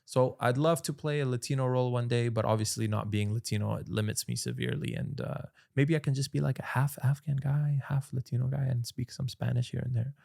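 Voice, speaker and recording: A man being interviewed as an actor guest, chatting in a relaxed way and telling stories with some swearing. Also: medium pitch, a little fast, vocal fry, few pauses, no room sound, studio quality. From Canada. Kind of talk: casual podcast interview.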